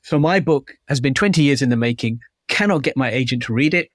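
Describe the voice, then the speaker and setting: A man's voice: mid-range voice, lively intonation, fairly quick, no echo, studio quality. A man guest author chatting in an interview, telling anecdotes in a self-deprecating way. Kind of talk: casual interview chat.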